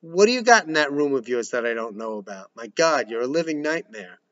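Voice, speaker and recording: A man's voice: mid-range voice, very animated, a little fast, a bit bright, no echo. A man voicing a short-tempered, sarcastic father who barks at his kids. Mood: gruff. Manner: barking, sarcastic. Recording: dull lo-fi recording.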